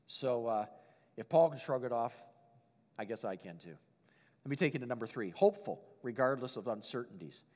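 A man preaching a sermon, reading scripture aloud and adding his own expressive comments. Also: medium pitch, a little fast, long reverb tail. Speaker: pastor.

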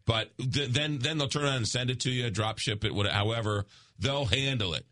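A man's voice: mid-range voice, fairly quick, sharp tone. Rambling New York radio host, man. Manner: rambling, repeats words. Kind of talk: casual radio banter.

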